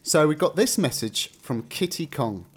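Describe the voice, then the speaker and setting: A man's voice: fairly high pitch, animated, moderate pace, breathy edge. A man with an English accent, co-hosting a podcast and reading listener messages aloud in casual, playful chat. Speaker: podcast co-host.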